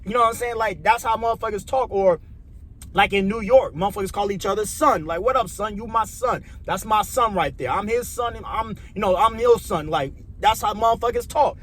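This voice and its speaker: This vlogger, a young man from Chicago who has the local accent, delivers a rambling, foul-mouthed opinion rant that circles back on itself. The voice is high, brisk and a bit bright, with a faint hiss or hum.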